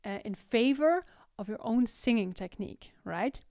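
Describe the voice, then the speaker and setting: Speaking with a Dutch Limburg accent, this young singing teacher from the Netherlands explains vocal technique and sings demonstrations, frequently adding "right?". She talks at normal speed in a slightly mellow mid-range voice, captured dry and clean in a studio.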